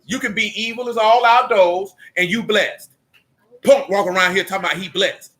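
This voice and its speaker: A man's voice: high-pitched, moderate pace, a bit bright. A man preaching a sermon, emphatic and blunt, with street slang and mocking asides.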